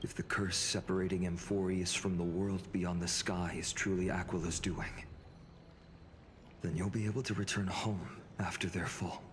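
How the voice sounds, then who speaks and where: A man's voice: sits low, level tone, moderate pace, natural voice. An actor playing an earnest young male hero and loyal comrade in a game, with reverb and music behind. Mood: resolute. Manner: earnest, warm-hearted speechmaking. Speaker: game character. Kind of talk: game voice acting.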